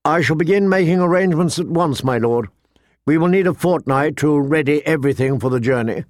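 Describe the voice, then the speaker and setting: A man's voice: fairly high pitch, brisk, no room sound, studio quality, natural voice. A man voicing a deferential steward with a polite, eager manner. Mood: dutiful. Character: dutiful deferential male steward.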